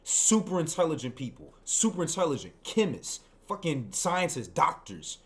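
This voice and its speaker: A man's voice: a little high, big pitch swings, normal speed. A man giving casual ranting reaction commentary, profane and emphatic, repeating phrases for stress. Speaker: video host reacting to clips.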